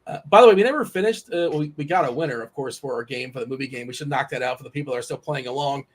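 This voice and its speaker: A man's voice: mid-range voice, racing, slightly rough. A man hosting a casual sports betting chat, teasing his co-hosts and rattling off team lineups. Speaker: host.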